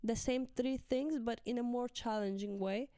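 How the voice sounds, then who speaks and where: Young woman teacher telling class stories as a guest, crisp voice, dry close sound, higher range. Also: fairly even intonation, normal speed, warm tone, no room sound. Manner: chatty, acts out quotes of pupils with laughs. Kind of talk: casual conversation.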